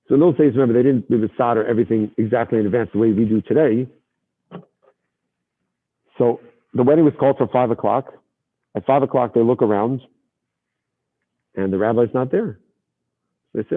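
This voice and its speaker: A man teaching a Torah lesson as an animated storyteller, sprinkling in Yiddish and Hebrew terms, heard over a tinny line. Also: mid-range voice, a little fast, pauses often. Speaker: rabbi teacher.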